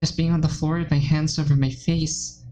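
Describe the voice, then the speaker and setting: A woman's voice: deep voice, little pitch movement, normal speed, dark tone, slight background noise, natural voice, low-quality recording. A woman reading as a timid, anxious teen girl. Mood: recounting. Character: timid, anxious, self-blaming teenage girl. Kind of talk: reading visual novel text aloud.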